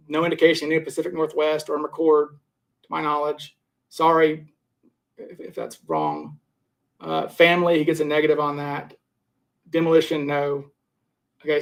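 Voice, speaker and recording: Gravelly man hosting a live chat. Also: on the high side. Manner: rambling, repeats and restarts while scoring suspects. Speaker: livestream host. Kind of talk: casual live chat reading viewer comments.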